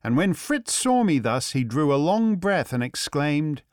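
A man narrating a novel in the first person with measured, expressive storytelling. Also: on the high side, no echo, clean studio sound. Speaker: audiobook narrator.

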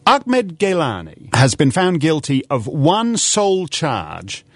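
A man's voice: fairly high pitch, huge pitch swings, slow pace, no room sound. A man speaking in a combative, sardonic and mocking way, pressing his point insistently. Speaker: commentator and speaker. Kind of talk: combative debate and stand-up style speech.

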